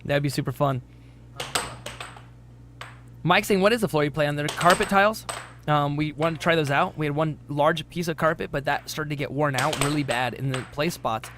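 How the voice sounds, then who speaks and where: In a noisy room, a man with a fairly high, steady voice speaks at a normal pace. He's giving casual play-by-play for an air hockey livestream, chatting away, reading chat messages aloud and laughing easily.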